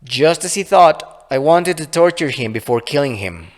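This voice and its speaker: A man's voice: fairly high pitch, animated, moderate pace, pitched above the performer's own voice, lightly acted. Sneery cruel fairy lady, read by a guy, condescending, reverby sound. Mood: sneering. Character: cruel smug female fairy, mocking and cold. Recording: long reverb.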